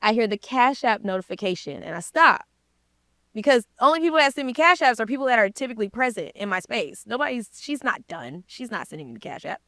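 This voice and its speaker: A woman's voice: on the high side, quick pace, no echo. Woman on an interview spilling a wild story, slangy, does everyone's voices, dry close sound. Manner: lively storyteller, slangy, acts out quoted people. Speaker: interview guest, credit repair coach.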